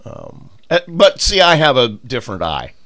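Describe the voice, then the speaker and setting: A man's voice: mid-range voice, huge pitch swings, moderate pace, fairly bright tone. A male comedian in casual chat, voicing jaded, cranky opinions.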